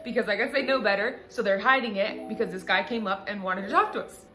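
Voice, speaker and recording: A young woman vlogger retelling a story in an animated, dramatic way. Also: mid-range voice, fast talker. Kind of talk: storytime vlog. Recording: echoey room, music.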